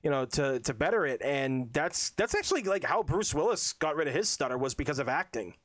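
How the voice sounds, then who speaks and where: A man with a Boston accent, a podcast guest chatting casually, animated and swearing freely. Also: fairly high pitch, a little fast, dry recording, studio quality. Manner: swears a lot, animated storytelling.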